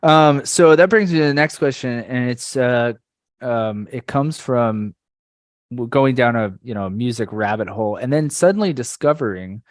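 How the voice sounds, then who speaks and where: Relaxed man hosting a podcast, dry sound. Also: medium pitch, dry recording. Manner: relaxed, profane, drawn-out questions. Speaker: podcast host. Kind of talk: casual chat.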